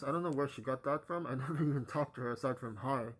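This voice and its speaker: Telling his own story on a vlog, a young man halts often, uses lots of fillers, and lets the ends of his phrases sink low and quiet. His voice is mid-pitched.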